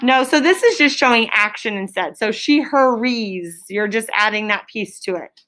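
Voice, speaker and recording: A woman teaching a third grade class in a classroom, sounding out spelling words slowly and clearly. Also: mid-range voice, lively intonation, bright, forceful tone. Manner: clear, drawn-out word sounding. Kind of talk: classroom phonics lesson.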